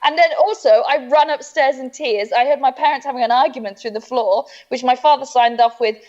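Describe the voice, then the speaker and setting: A woman comedian telling a funny personal story, animated and laughing through it, acting out the voices of the people in it. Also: sits high, brisk, muffled recording. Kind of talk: comic storytelling.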